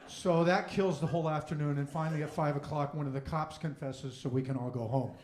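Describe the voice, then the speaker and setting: A man performing a stand-up comedy set on a club stage, delivering rapid jokes and long deadpan lists. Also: fairly high pitch, reverberant.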